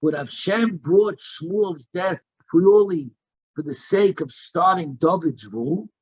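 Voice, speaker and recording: A man's voice: high voice, a little slow, slightly rough, no echo, lo-fi sound. A man teaching a daily Talmud class, reading Aramaic text in a singsong and explaining it in English. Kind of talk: Talmud lesson, reading and translating.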